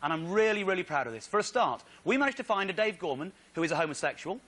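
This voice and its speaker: A comedian on stage, telling an excitable, indignant comic story with slides. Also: male voice, sits high, quick pace. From Britain. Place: theatre stage.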